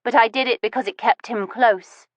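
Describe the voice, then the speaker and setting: Woman doing a bitter older wife with a gun, higher and tight, icy, dry dull recording. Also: steady tone, moderate pace, no echo, lightly acted. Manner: icy and commanding, turning wounded and shrill. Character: cold, bitter middle-aged wife holding a revolver. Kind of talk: audiobook reading.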